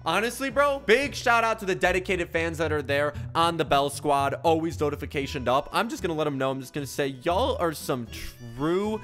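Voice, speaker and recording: A man giving excitable gameplay commentary with dramatic reactions. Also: a little high, fairly quick, hardly any pauses, soft background music. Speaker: gaming YouTuber.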